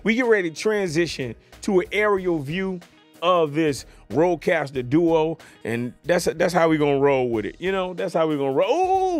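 A playful man with a voice pitched a little higher than most, chatting through a hands-on gear demo. He jokes around and keeps checking that the listener is following him. He talks into a podcast microphone in a quiet home studio, with soft music faintly underneath. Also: expressive, moderate pace. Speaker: tech gear reviewer. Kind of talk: casual product demo. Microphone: USB podcast mic on desk.

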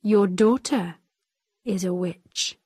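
Brief: woman doing a gentle, patient gentleman, husky, very slow and dry. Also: medium pitch, no echo. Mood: calm. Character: calm, kindly gentleman magistrate.

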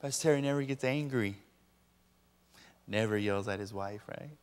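A man's voice: fairly low pitch, moderate pace, clean tone, in a large hall. A man preaching a sermon as a pastor, joking playfully with his audience. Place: large lecture hall.

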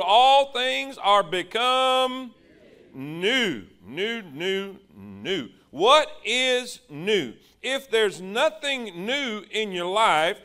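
A high-pitched man preaching at a slow, deliberate pace. He stretches out words for emphasis and calls on the congregation to respond. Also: bright, forceful tone. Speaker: pastor. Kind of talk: sermon.

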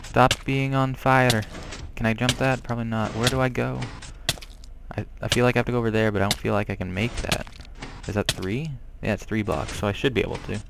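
A man giving casual let's-play commentary on a puzzle game, excitable and quick to exclaim when things go wrong. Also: fairly low pitch, gravelly, background noise. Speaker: gameplay commentator.

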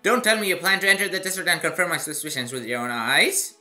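A man's voice: fairly high pitch, animated, fast talker, bright, forceful tone, faint music behind, voice pushed up. A man voicing a solemn old male sage in a game, reading his lines in a grave, stilted way.

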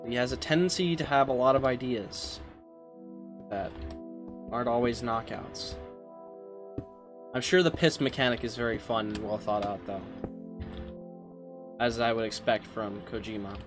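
A male streamer talking casually into a headset at a middle pitch, crude and quick to mock himself. Game music plays loudly behind him the whole time. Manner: crude, self-mocking, swearing. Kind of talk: casual livestream commentary.

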